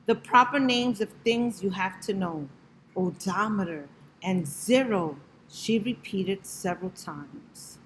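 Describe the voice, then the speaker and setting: Woman reader, rhyming picture book aloud, gentle rhythm, slow pace, faint noise. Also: medium pitch, lively intonation, rough recording. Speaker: storybook reader.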